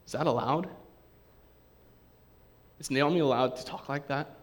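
A man preaching a sermon to a congregation, in a lively, conversational way, acting out the quotes he reads. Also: medium pitch, unhurried. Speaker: pastor.

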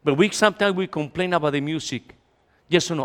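A man's voice: a little high, a little fast. A man preaching a humorous sermon in a church, mixing in some Spanish and acting out complainers. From Latin America. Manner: animated, jokey, acts out complainers, mixes in Spanish. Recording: reverberant church hall.

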